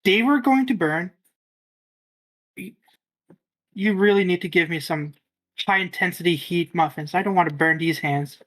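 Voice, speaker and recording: A woman's voice: fairly low pitch, normal speed, long pauses, close to an everyday voice. A woman voicing a fussy, protective male baker in a tabletop game, talking in a fretful, scolding way.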